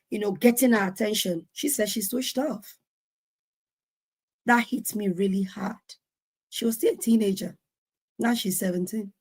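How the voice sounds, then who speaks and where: A woman in her forties, speaking earnestly on a video call about her own parenting and acting out the lines of others. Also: a little high. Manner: earnest, animated, acts out quotes. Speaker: conference speaker. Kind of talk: sharing personal parenting story.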